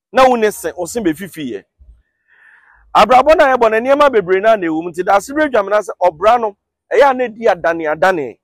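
High-voiced Ghanaian man explaining. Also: no room sound, clean studio sound. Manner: relaxed, chatty, explains step by step. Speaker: YouTube host explaining song lyrics. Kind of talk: casual explanatory talk to camera.

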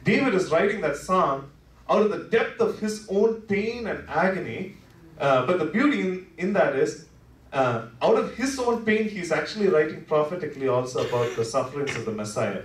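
A man preaching a Good Friday sermon in a church, talking conversationally with lots of "you know" fillers, dropping to soft, low asides and then rising with passion. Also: animated, normal speed. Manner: swings between soft, low asides and impassioned rises. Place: church worship center. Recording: echoey sanctuary heard from a distance.

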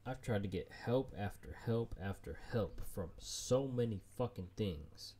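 Male game streamer, low unhurried voice, constant angry swearing. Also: expressive, dark tone. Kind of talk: let's play commentary.

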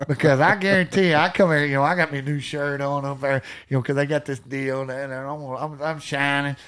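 A man with a Texan accent, a podcast guest telling animated stories with folksy country slang and frequent laughter. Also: a little high, fairly quick, clean tone. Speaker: podcast guest, hunting storyteller. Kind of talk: casual storytelling.

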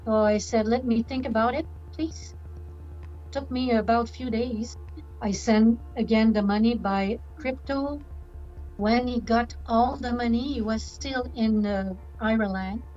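An older woman recounting events in a slow, halting interview, stopping often to find her words. Her voice sits somewhat high, and the recording is dull, with soft music underneath. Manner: hesitant, many "uh" pauses. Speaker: scam victim interviewee. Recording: dull documentary clip with music.

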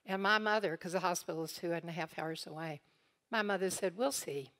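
A woman's voice: on the low side, fairly even intonation, brisk, a bit bright. A woman from eastern Kentucky teaching a church congregation, telling family stories and acting out the people she quotes. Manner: storytelling, acts out quoted voices with laughs. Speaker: guest teacher.

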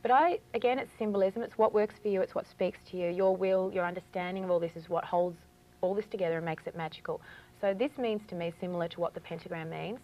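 A woman's voice: fairly low pitch, fast, warm tone, poor audio. A woman with an Australian accent, a guest in a casual TV interview, explaining ritual objects in a chatty, eager way with many fillers.

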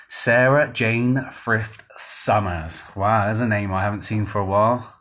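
A man's voice: on the low side, normal speed, a bit bright. A man from Gloucester with a Gloucestershire accent, leading a live-streamed dance fitness class in a chatty, upbeat way, greeting viewers by name. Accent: Gloucestershire English. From Gloucester, England. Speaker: fitness instructor.

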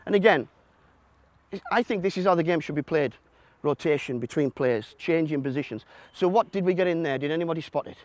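A man coaching a football session. He shouts instructions to players and explains the system to watching coaches in a blunt, joking way. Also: fairly quick, no room sound. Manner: shouting instructions to players on a pitch, then explaining quietly to an audience. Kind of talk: coaching session with live demonstration. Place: outdoor football pitch.

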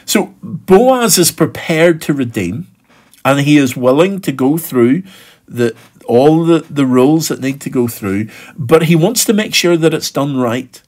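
A man's voice: fairly high pitch, lively intonation, measured pace, a little mellow. A middle-aged male pastor giving an earnest devotional reflection on a Bible story, with the occasional filler between phrases. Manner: earnest, acts out quoted voices.

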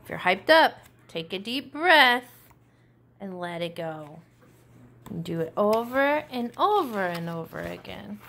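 A woman teacher reading a picture book aloud to young children, animated and asking them many questions. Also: medium pitch, a little slow, gravelly.

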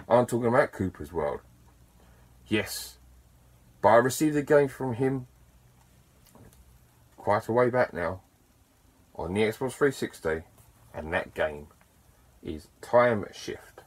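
A man's voice: fairly low pitch, takes it slowly, long pauses. Enthusiastic man, chatty vlogger. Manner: chatty and enthusiastic, with bursts of excitement and self-deprecating asides. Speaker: YouTuber. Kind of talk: casual to-camera vlog talk.

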